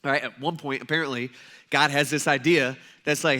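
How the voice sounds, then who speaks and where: A man's voice: mid-range voice, steady tone, brisk, pushed and bright. A man in his thirties giving a sermon as a pastor, telling jokes and stories about his own family. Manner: joking, self-mocking storytelling. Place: church sanctuary.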